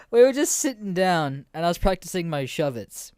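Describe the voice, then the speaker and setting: A man's voice: high-pitched, sing-song, moderate pace, darkish tone, smooth. A man in his twenties hosts a podcast and tells stories in a loose, rambling chat. He swears freely, laughs a lot and leans on fillers. The sound is dry and close, with no room echo. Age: 20s. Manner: profane, laughs often, rambling with many fillers. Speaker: podcast host. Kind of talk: casual podcast storytelling.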